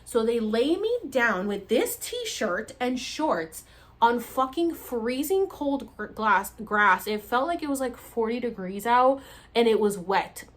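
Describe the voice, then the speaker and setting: A woman with a slightly high voice talks to camera as a vlogger, telling a story in a loose, casual way. She is animated and swears freely, and she acts out her own lines as she goes. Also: slow pace.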